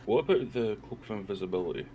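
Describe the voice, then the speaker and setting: A man's voice: fairly low pitch, lively intonation, racing, dark tone, a little hiss or hum. A man playing a tabletop game, asking thoughtful questions in a casual way. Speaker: player. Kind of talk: casual chat.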